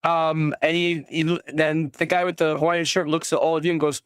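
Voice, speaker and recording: A game master narrating a tabletop game in a casual, halting way, with many fillers and quick voices for each character. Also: mid-range voice, level tone, clean tone, dry recording, studio quality.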